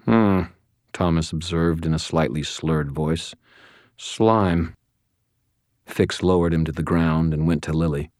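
A man narrating a first-person audiobook in a steady, measured storytelling voice on a close studio mic. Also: very deep voice, no room sound.

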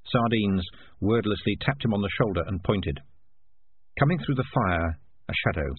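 A man reading a novel aloud as audiobook narrator, expressive and measured, on a tinny phone-like recording. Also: on the low side, slightly rough, no echo. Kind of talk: scripted narration.

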